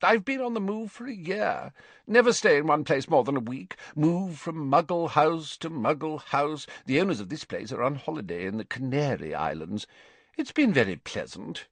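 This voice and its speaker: A man's voice: on the high side, expressive, moderate pace, no room sound, pitched above the performer's own voice. A man voicing a fussy, blustering old male wizard who bursts into indignant protests. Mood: evasive.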